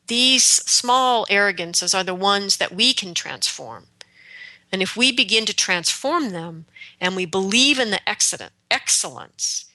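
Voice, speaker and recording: A woman hosting a radio show on shamanic practice, speaking slowly and earnestly in a reflective spiritual talk. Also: mid-range voice, pushed and bright, dry recording. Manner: slow, deliberate and earnest.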